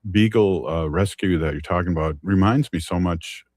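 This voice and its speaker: Deep-voiced guy hosting a radio show, lots of uh, easygoing, dry sound. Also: moderate pace, no echo. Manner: relaxed, hesitant, frequent fillers. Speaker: radio host. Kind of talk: casual chat.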